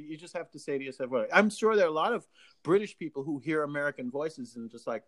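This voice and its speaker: A man with a Jamaican accent, from Jamaica, hosting a live radio talk show; animated, laughing often and stammering through restarts. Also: mid-range voice, normal speed.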